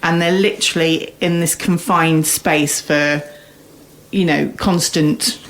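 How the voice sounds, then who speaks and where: A woman's voice: low-pitched, fairly even intonation, slow pace, slight background noise. A woman co-hosting a podcast, chatting casually in a chatty manner with frequent laughter. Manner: chatty, warm laughter, talks in restarts. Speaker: podcast co-host. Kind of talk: casual chat.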